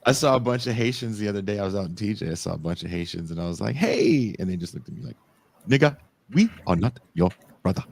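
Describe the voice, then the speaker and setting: A man's voice: racing, gravelly, hardly any pauses, no room sound. A man co-hosting a podcast, chatting casually and teasing his co-hosts with a joking manner. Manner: joking, teasing, lively swings in pitch. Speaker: podcast co-host. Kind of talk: casual chat.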